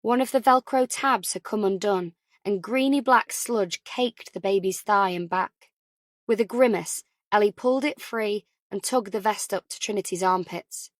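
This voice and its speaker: A woman narrating a crime audiobook in whispered narration, in a steady, measured way. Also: mid-range voice, no room sound, studio quality.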